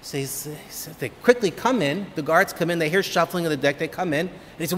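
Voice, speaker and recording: A man, a rabbi, giving an inspirational holiday talk full of lively, humorous stories. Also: fairly high pitch, brisk. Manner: animated, humorous storyteller. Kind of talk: motivational holiday talk with storytelling. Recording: long reverb of a hall.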